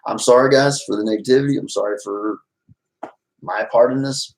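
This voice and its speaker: A man's voice: mid-range voice, brisk, rough recording. A middle-aged man live-streaming, talking casually to his chat in a rambling, restless way that moves from agitated to apologetic. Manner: rambling, agitated then apologetic, many restarts.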